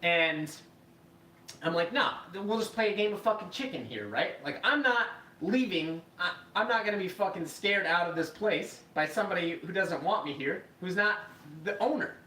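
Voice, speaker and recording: A man hosting a podcast, telling a story casually with lots of swearing and animated acted-out quotes. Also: high-pitched, moderate pace. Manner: profane, animated, acts out quoted voices. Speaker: podcast host. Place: live podcast room. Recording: echoey room, mic far off, faint noise.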